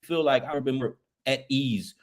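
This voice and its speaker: A man with a mid-pitched voice speaks as an interview guest. He is earnest and open, talking in casual slang. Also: measured pace.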